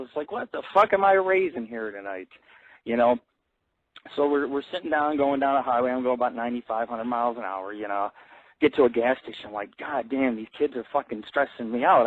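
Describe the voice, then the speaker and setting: Broadcasting from Las Vegas, a man hosts his own internet radio show, rambling through crude, profane stories packed with fillers. His pitch is medium, and the dry audio has a tinny, phone-like lo-fi quality.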